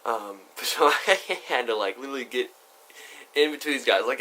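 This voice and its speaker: A man's voice: medium pitch, normal speed, bright, forceful tone. A young man telling a story on his vlog in a chatty, rambling way, full of asides. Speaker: YouTuber.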